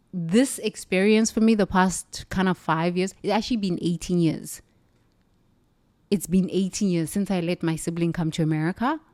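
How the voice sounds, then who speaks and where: With a fairly low, slightly mellow voice, a South African woman gives a forceful motivational monologue, hammering phrases through repetition. No room sound is audible.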